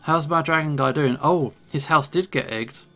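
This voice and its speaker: A man's voice: fairly high pitch, normal speed, bright, forceful tone, soft background music. A man hosting a let's play, commenting in a playful, jokey way and reading game dialogue. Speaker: gaming channel host.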